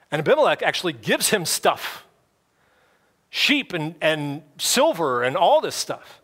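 A man delivers a church sermon in a loose, conversational way, slipping into playful voices for the people in the story. His voice sits a little high and rings bright. The talk is easygoing and chatty rather than formal. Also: very animated, normal speed. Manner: casual, conversational preaching with playful quoted voices. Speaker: pastor.

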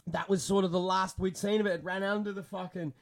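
A young man telling a story in casual podcast chat, animated and swearing constantly. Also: high-pitched, quick pace. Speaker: podcast co-host.

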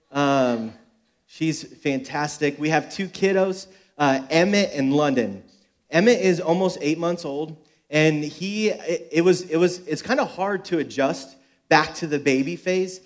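A young adult man, a pastor, giving a sermon at a church service with joking, self-deprecating personal stories. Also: fairly high pitch.

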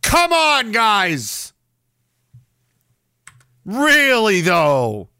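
Sarcastic, bright-voiced man. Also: high voice, wildly swooping pitch, drawn-out words, creaky, smooth, no room sound, clean studio sound. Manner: sarcastic, jokey, laughs often. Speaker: podcast host. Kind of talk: casual livestream rant.

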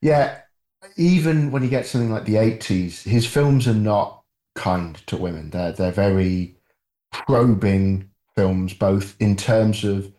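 A man in casual film discussion, measured and hedging, politely choosing his words. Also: on the low side, dark tone, reverberant. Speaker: podcast co-host.

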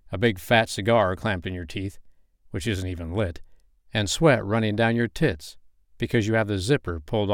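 A man telling a second-person story in an unhurried, matter-of-fact way. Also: on the low side, no echo, studio quality.

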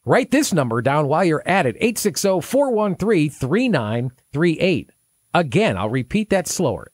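A man hosting a radio show, chatty, with a lively announcer manner. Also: fairly high pitch, normal speed, breathy edge, no echo, clean studio sound.

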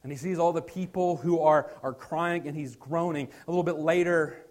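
Earnest high-voiced pastor preaching. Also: male voice, steady tone, moderate pace. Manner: earnest, shifts from loud stress to quiet near-whispers. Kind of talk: sermon.

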